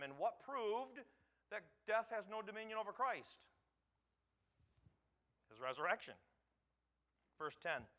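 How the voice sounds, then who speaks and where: A pastor teaching a sermon, reading scripture aloud and pausing to quiz the congregation for answers. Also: male voice, on the high side, sharp tone. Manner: quizzes the congregation with pauses for answers.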